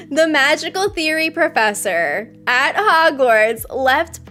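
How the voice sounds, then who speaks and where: Young woman streamer, high-voiced, giddy and easily excited, chatting casually with her viewers, faint music underneath. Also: takes it slowly. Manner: excitable, bursts into squeals and laughter. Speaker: livestream host. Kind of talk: casual livestream chat.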